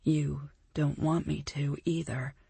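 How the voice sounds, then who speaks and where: A woman reading an audiobook, voicing a smug, seductive wealthy man in a low, silky murmur. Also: little pitch movement, slow, creaky, warm tone, slightly rough, dry recording, full character voice.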